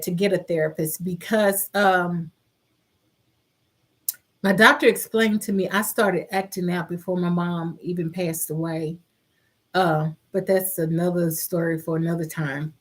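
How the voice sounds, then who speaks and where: A middle-aged woman hosting a casual live-stream chat, reading viewer comments aloud in a heartfelt, caring way. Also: on the low side.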